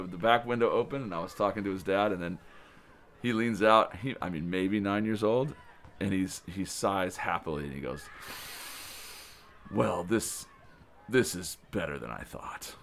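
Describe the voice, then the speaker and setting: A man's voice: on the low side, normal speed, fairly bright tone. A man, a camp director, telling the story of arrival day in a rambling, enthusiastic way. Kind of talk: casual spoken recap of the day.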